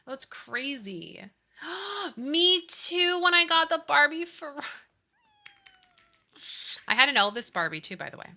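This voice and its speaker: A woman's voice: high voice, big pitch swings, slow pace, pauses often, sharp tone. A woman in her thirties chatting casually and animatedly with her live chat, giggling and gushing as she talks. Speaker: streamer.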